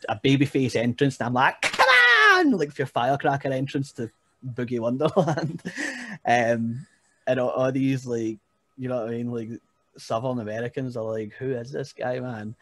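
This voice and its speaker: A young man, a wrestler guest on a podcast, telling stories in a casual, animated way with frequent laughs and "you know what I mean". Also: mid-range voice, no room sound. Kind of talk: casual storytelling chat.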